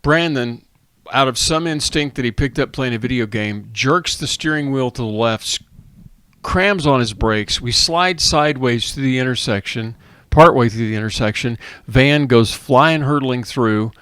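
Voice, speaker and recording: A man's voice: medium pitch, normal speed, fairly bright tone, smooth, no room sound. A middle-aged man hosting a podcast, chatting casually and telling stories in a talkative way. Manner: chatty storyteller, plugs local radio. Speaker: podcast host. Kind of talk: casual chat.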